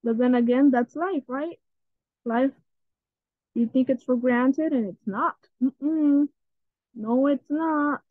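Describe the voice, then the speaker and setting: A woman's voice: high voice, slow pace, pauses often, no echo. A woman chatting casually through her gameplay as a channel host, easily spooked and often repeating herself. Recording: tinny phone-like sound.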